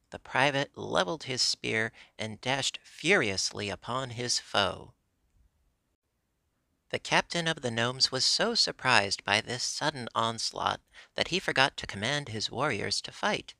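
Gravelly, bright-voiced male storyteller. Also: medium pitch, no echo. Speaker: audiobook narrator. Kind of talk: storybook reading.

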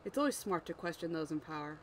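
Writer reading a calm blunt man, story read-aloud, mid pitch, plain. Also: quick pace, slight background noise, close to an everyday voice, rough recording. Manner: plain read-aloud, stops to fix words. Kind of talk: reading own story aloud while editing.

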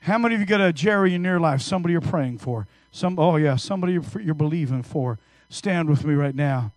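High-voiced energetic male preacher. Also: fairly quick, dry recording. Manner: energetic storytelling preacher, swings from hushed to loud. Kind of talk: sermon. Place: church service.

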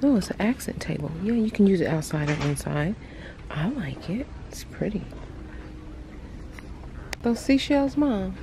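Woman shopping vlogger, lively gravelly voice, whispery gushing asides, store noise behind. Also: mid-range voice, moderate pace. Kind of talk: casual shopping vlog. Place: inside a large retail store. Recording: noisy store ambience.

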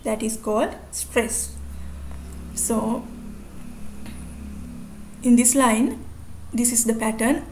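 A woman's voice: fairly high pitch, darkish tone. Sri Lankan woman teaching poetic metre. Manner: slow, explanatory, counting syllables aloud. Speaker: English teacher. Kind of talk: recorded video lesson. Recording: echoey room, faint ambient noise.

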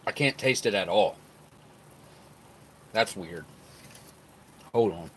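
A man's voice: lowish voice, lively intonation, slow pace, a bit bright, slight background noise. A man chatting casually to his viewers while he tastes old food, sometimes talking with his mouth full. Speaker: food reviewer. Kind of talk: casual vlog talk to camera.

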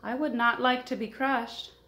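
A woman voicing a small, gentle, worried female mouse in a storybook reading, polite and a little sighing. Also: a little high, steady tone, moderate pace, pitched above the performer's own voice. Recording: echoey room, faint noise.

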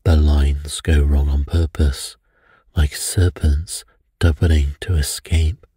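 A man reading a bedtime story, voicing a brooding priest who speaks low and dreamily of evil. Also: level tone, takes it slowly, mellow, breathy edge, no echo, studio quality, exaggerated voice. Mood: dreamy. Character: mystical, brooding elderly male priest.

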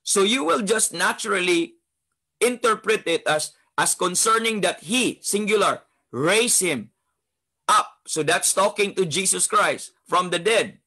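A man's voice: sits high, lively intonation, measured pace, bright, forceful tone, slightly rough. A male Bible teacher with a Filipino accent, teaching a study, mixing English and Tagalog, emphatic and repeating key points. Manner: switches between English and Tagalog, emphatic and repetitive.

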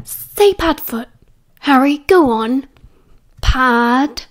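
A woman's voice: high-pitched, measured pace, a little mellow. Woman voicing a cheeky young man, British accent, playful, coaxing, audiobook reading. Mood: playful teasing.

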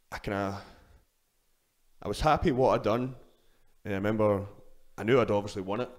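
A man's voice: on the low side, darkish tone. A young adult man with a Scottish accent, telling stories as a guest in a casual interview, swearing freely and restarting his sentences. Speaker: guest, powerlifter.

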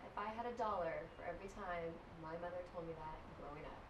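A woman's voice: fairly low pitch, fast talker, muffled recording. A woman hosting an interview show, talking in long reflective thoughts. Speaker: interview host. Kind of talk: casual interview chat. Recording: roomy, distant mic with clear noise.

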